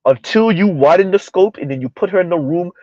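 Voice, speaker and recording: A man's voice: high-pitched, expressive, darkish tone, no echo, highs cut off. A man hosting a reaction commentary, talking emphatically and sarcastically, drawing out words for effect and often tossing in a rhetorical "huh?". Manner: emphatic, sarcastic, drawn-out repetition with frequent "huh?". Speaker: commentary channel host. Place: South Florida.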